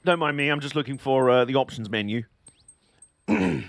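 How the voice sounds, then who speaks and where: A man's voice: mid-range voice, lively intonation, normal speed, creaky, dry recording. A British man streaming a racing game, chatting casually and joking with his viewers while he drives. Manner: chatty, joking, reads chat aloud. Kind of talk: casual live-stream commentary.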